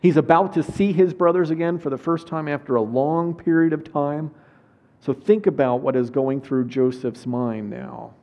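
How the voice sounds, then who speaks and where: A man preaching a sermon, opening with a prayer and then telling a Bible story in a lively way with asides, reading scripture aloud. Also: on the high side, moderate pace. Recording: dull lo-fi sound.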